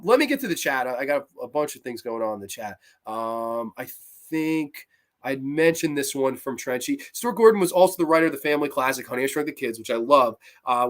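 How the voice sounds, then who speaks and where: A man with a slightly higher-pitched voice hosts a casual live-streamed horror review. He talks excitedly, swears freely and fills his sentences with "um" and "you know". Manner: excitable, profane, full of fillers. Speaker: horror movie reviewer and show host.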